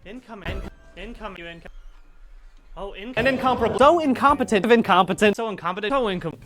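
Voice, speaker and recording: An animated man speaks in a rapid string of chopped-up single-word clips. His delivery lurches between loud bursts and quiet mutters, set over clear background music. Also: sits high. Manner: animated, jumpy delivery shifting loud and soft. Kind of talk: rapid supercut of clipped single words.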